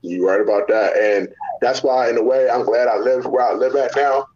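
Man, interviewer, relaxed, casual chat, muffled lo-fi audio. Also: medium pitch, normal speed, slightly rough. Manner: relaxed, encouraging short replies. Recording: dull lo-fi sound.

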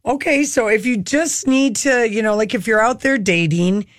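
A tired woman co-hosting a podcast, chatty and quick to laugh in casual talk. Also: on the high side, dry recording, studio quality. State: tired, short on sleep. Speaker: podcast co-host. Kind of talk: casual chat.

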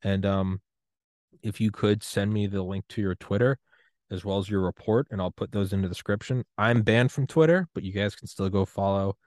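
A man from the United States hosting a podcast interview, talking in a casual, animated way that swings into loud outbursts. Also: fairly low pitch, normal speed, no echo, clean studio sound. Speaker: podcast host.

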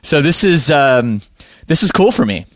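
A man's voice: fairly high pitch, big pitch swings, measured pace, no room sound. A young man with a Canadian accent, hosting a podcast in casual chat, upbeat and chatty while he plugs his channels. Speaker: podcast host.

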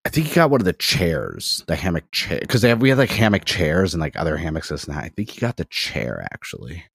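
A man's voice: low voice, very animated, quick pace, gravelly, a bit bright, slightly rough, dry recording, studio quality. A man in his thirties, a podcast guest in casual chat, telling long anecdotes full of acted-out quotes. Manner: rambling storyteller, heavy on "I was like" quotes.

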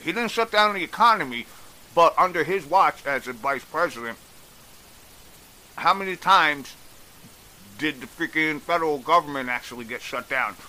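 A man's voice: on the high side, lively intonation, moderate pace, long pauses, pushed and bright, rough recording. A man giving a blunt, exasperated opinion rant, swearing freely as he recaps and criticizes. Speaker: commentator. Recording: faint hiss.

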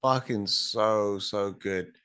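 A man's voice: lowish voice, slow, a bit bright, clear, resonant tone. Laid-back man, laughing guest. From Australia. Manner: laughs often, swears casually. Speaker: podcast guest. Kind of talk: casual chat.

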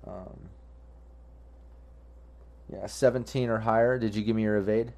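A man's voice: lowish voice, fairly even intonation, measured pace, a little mellow. A man running a tabletop game as game master, narrating in a casual, rambling, profane way.

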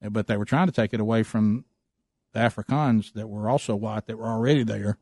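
A man hosting a radio show, telling a story in a casual, animated way with lots of restarts. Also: fairly low pitch, brisk, no room sound, studio quality.

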